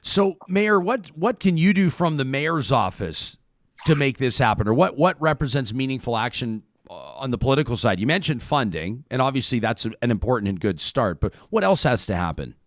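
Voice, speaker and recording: A man's voice: medium pitch, sing-song, fairly quick, dry recording. A man hosting a live talk show, asking guests questions in a conversational way and often repeating words as he restarts. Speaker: host.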